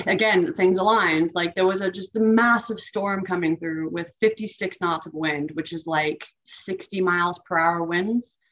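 A woman guest on an interview, recounting a painful personal story in a halting, emotional way with many fillers. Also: on the low side. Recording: dull lo-fi audio.

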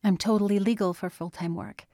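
A woman's voice: medium pitch, fairly even intonation, fairly quick, dark tone, no echo, clean studio sound, close to an everyday voice. A woman narrator voicing a defiant sixteen-year-old girl who talks in an urgent, pleading way.

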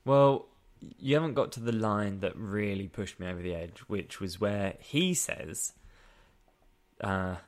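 A man's voice: on the low side, a little slow. A man co-hosting a casual comedy podcast, reviewing a film in a sarcastic, exasperated way. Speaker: podcast co-host.

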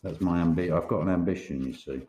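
A man's voice: low voice, fast talker, mellow, roomy sound. A man who is an author talking casually on a podcast, rambling, swearing and laughing often. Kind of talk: casual chat.

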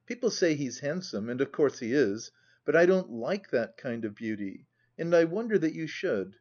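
A man reading an audiobook, voicing a timid, gentle young woman with a raised, pleading voice. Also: fairly high pitch, sing-song, normal speed, dull audio. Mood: earnest.

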